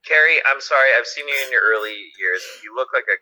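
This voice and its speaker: Man cohosting a podcast, teasing and laughing, really bright voice, dry close sound. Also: medium pitch, lively intonation, fast, no echo, poor audio. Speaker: podcast co-host. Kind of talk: casual chat.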